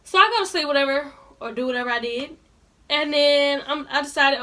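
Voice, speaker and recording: In a storytime vlog, a young adult woman rants indignantly right at her viewers in casual, colloquial speech. She speaks a bit quickly in a high voice with a sharp edge.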